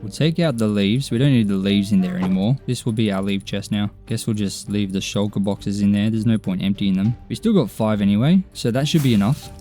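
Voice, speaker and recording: A man's voice: fairly low pitch, a little fast, hardly any pauses, dark tone, soft background music. A young man giving casual, upbeat gameplay commentary, chatty and poking fun at himself. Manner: chatty, upbeat, self-mocking. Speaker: gaming YouTuber.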